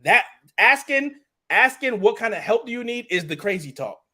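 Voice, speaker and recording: A man's voice: very high-pitched, animated, normal speed, sharp tone. A man co-hosting a podcast, talking earnestly through social commentary. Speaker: podcast co-host. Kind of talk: casual chat.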